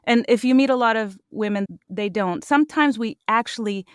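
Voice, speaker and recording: A woman's voice: on the high side, normal speed, clean tone, dry recording, clean studio sound. A woman in her forties, a voice actor guest, chatting animatedly and demonstrating vocal tones as she explains. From Puerto Rican heritage. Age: 40s. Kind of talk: casual podcast chat.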